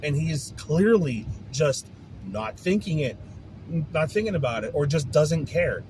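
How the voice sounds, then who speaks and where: A man's voice: on the high side, very animated, unhurried, music in the background, low-quality recording. A man hosting his own podcast, venting in a frustrated, profane casual rant. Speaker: podcast host. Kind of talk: casual ranting monologue.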